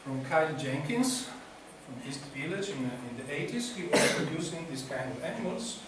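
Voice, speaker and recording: A man with a slightly high voice gives a halting, filler-heavy lecture. He is recorded from a distance in a very echoey hall, and steady noise runs underneath him. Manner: halting, searching for words, many fillers. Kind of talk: public lecture.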